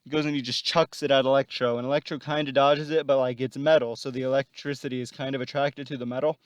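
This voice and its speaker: A man's voice: mid-range voice, level tone, fast, dry recording. A man casually retelling a story plot, rambling and full of fillers.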